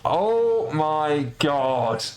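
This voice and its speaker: A man's voice: high-pitched, a bit bright. A man streaming a video game, chatting casually, swearing freely and laughing at his own mistakes. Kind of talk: casual let's-play commentary.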